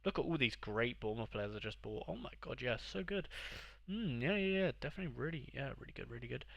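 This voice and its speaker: Gravelly, bright-voiced man streaming. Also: mid-range voice, expressive, quick pace, no echo, highs cut off. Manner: self-mocking, rambling, sarcastic. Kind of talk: live gaming stream chat.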